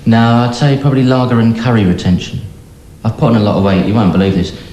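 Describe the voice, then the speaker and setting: An actor playing a patient who delivers deadpan one-liners. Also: male voice, fairly low pitch, fast talker, roomy sound, lightly acted, low-quality recording. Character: deadpan joking male patient.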